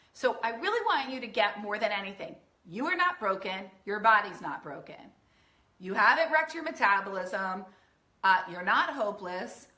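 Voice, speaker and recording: A woman coach talks to her online audience in an earnest, emphatic way, slipping into the inner voices she describes. Her tone is bright and forceful. The room around her is echoey. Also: medium pitch. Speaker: weight-loss coach. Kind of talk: live-streamed coaching talk.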